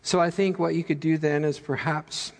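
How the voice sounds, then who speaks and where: A pastor preaching in an animated, joking manner, with his voice set a little high for a man. He tells stories with energy, and a long church reverb lingers after each phrase. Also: moderate pace, creaky. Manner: animated, humorous, storytelling. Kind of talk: sermon. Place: church sanctuary.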